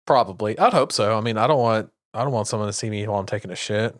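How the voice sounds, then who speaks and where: A woman's voice: very deep voice, rapid-fire. A woman co-hosting a casual podcast, laid-back, mostly giving short agreeing replies and swearing casually. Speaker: podcast co-host.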